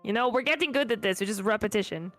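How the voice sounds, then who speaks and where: A woman's voice: medium pitch, fast, fairly bright tone, faint music behind. A woman player chatting casually and playfully at a tabletop game.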